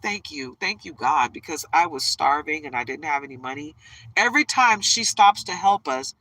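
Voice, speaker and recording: A woman speaks on a casual livestream, her voice bright and forceful. She rambles through a chatty, emotional story from a parked truck. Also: lowish voice, dry recording, low-quality recording. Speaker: tarot reader livestreaming.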